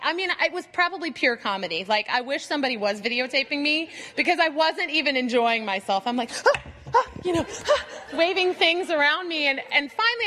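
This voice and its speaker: A woman in her thirties or forties tells a Bible study group a funny personal story, animatedly mocking herself and acting out her own grumbling and asides. Her voice sits high, and a long reverb tail trails after it.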